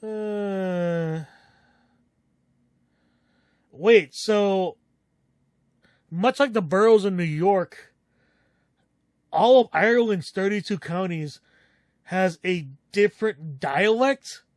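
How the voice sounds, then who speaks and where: High-voiced man musing on stream. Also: dry recording, clean studio sound. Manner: musing, reads aloud haltingly, self-correcting. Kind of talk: casual stream chat, reading game dialogue and notes aloud.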